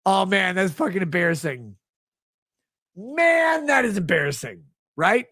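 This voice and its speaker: A man's voice: sits high, very animated, a little slow, fairly bright tone, dry recording. A drunk man streamer slurring his words through a sneering, mocking rant.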